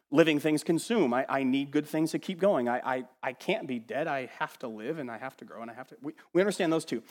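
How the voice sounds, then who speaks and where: A man preaching a sermon in an animated, emphatic way, repeating words as he builds a point and dropping to quiet asides. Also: mid-range voice, in a large hall. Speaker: pastor.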